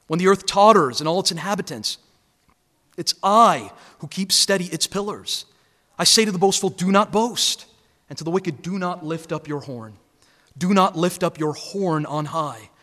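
Bright-voiced preacher man in a reverberant hall. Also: high voice. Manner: emphatic, earnest preaching. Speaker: guest preacher. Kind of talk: sermon.

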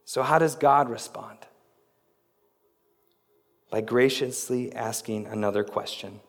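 A man preaching a sermon as pastor, with dramatic delivery that rises to emphatic peaks and drops low. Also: slow pace, gravelly, in a large hall.

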